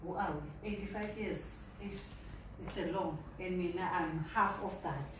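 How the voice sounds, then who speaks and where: A woman giving a lively testimony at a business meeting, telling stories and mixing in local words. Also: on the low side, a little slow, background noise. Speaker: product distributor giving a testimony. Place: large echoey meeting hall. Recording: echoey hall from far off.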